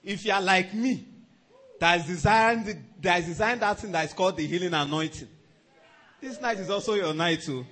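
A pastor with a high-sitting voice preaches a sermon at a moderate pace. He's animated, chuckles often, and repeats himself for emphasis.

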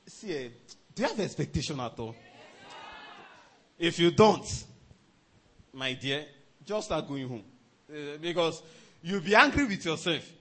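A man preaching a sermon as a pastor, animated, often chuckling and repeating himself for emphasis. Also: on the high side.

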